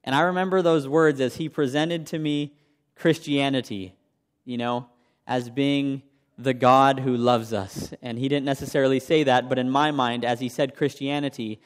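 A man's voice: medium pitch, fairly even intonation, moderate pace. Male preacher in a reverberant hall. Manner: conversational, asks the congregation questions. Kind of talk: sermon with personal testimony.

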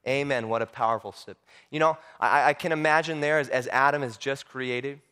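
A man preaching a sermon, telling stories with animated voices and frequent repeated words. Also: mid-range voice, a little fast, clear, resonant tone.

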